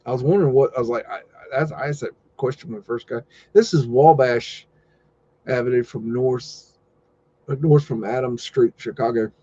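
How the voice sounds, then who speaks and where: Looking over old photos on a live stream, a host chats casually and rambles, tossing in jokes, easygoing asides and loud exclamations. He has a medium-pitched voice at normal speed, and the audio is dull.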